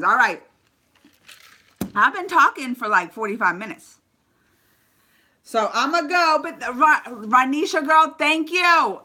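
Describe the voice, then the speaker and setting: High, bouncy woman chatting live. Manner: animated storyteller, chats with live viewers by name. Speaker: vlogger. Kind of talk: casual live-stream chat.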